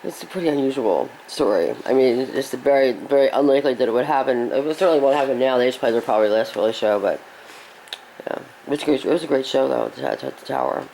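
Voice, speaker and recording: An interviewer chatting casually and asking quick follow-up questions. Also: medium pitch, vocal fry, mellow, a little hiss or hum, rough recording. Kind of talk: casual chat.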